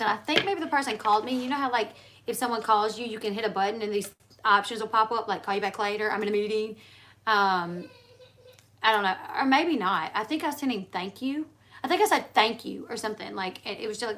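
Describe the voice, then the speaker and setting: A woman's voice: mid-range voice, fast, fairly bright tone. A woman hosting a casual livestream chat, telling rambling stories with many fillers and restarts. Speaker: livestream host.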